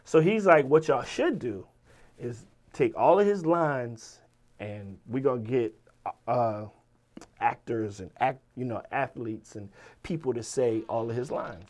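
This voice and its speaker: A man with a Virginia accent, a rapper telling stories as an interview guest in a casual, animated way, swearing and acting out the people he quotes. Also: medium pitch, a little slow. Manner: animated, profane, quotes people in lively voices. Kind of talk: casual storytelling.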